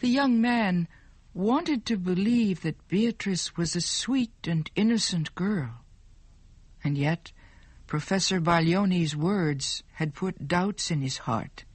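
A woman narrating a story in a slow, clear, deliberate way. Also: on the low side, dry recording.

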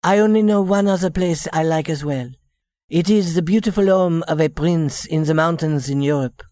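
A woman's voice: low-pitched, normal speed, warm tone, no echo, clean studio sound, close to an everyday voice. A woman voicing a young shop girl posing as a rich lady, speaking politely in a scripted story reading. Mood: genteel. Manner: polite, genteel, then plainly candid.

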